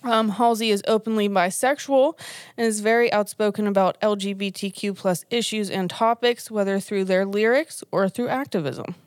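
A woman's voice: mid-range voice, moderate pace, no room sound, clean studio sound. A pregnant woman in her thirties from Pittsburgh co-hosting a podcast in casual chat, laughing often, swearing freely and checking in with "okay?". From Pittsburgh, Pennsylvania. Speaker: podcast co-host.

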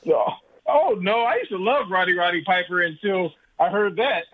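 A man's voice: high voice, moderate pace, narrow, tinny audio. A man calling in as a guest sports reporter, teasing the host.

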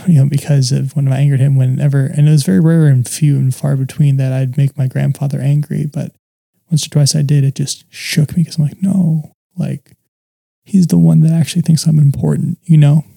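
A man tells his own story in a quiet conversation, earnest and reflective. His voice is dark and mellow with a gravelly edge, and his speech is halting, full of pauses and fillers. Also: mid-range voice, level tone. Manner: earnest and open about painful memories. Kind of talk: personal testimony in conversation.

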